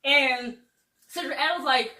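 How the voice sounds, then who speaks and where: A woman's voice: high voice, a little slow, noisy background. A young woman animatedly retelling a book's plot in a casual group chat, acting out the quotes. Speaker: book club host. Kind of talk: casual book discussion. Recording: roomy echo, voice far from mic.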